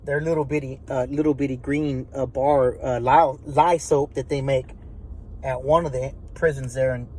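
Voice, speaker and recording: A man's voice: medium pitch, fairly even intonation, normal speed, darkish tone, rough recording. A man telling a story casually, profane and rambling with many restarts. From Texas.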